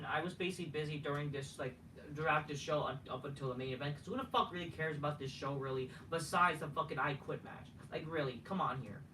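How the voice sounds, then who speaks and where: A man's voice: fairly high pitch, a bit bright. Man, casual reviewer, profane and dismissive, slightly distant mic, faint hiss. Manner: profane, dismissive, sarcastic ranting. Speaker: wrestling show reviewer. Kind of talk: casual solo review rant.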